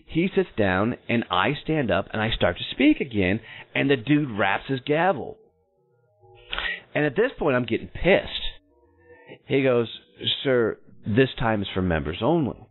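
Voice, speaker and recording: A podcast host with a mid-range, sing-song voice tells a personal story in a blunt, salty, self-mocking way, taking his time and pausing often. Faint music plays behind him, and the recording has a narrow, phone-like sound.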